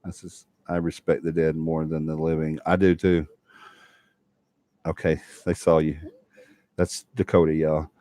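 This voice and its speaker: Deep-voiced man chatting on a livestream. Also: flat delivery, measured pace, long pauses, mellow, no room sound. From Alabama. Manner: chatty, folksy, laughs often. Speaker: paranormal livestream host. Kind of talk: casual livestream chat reading viewer comments.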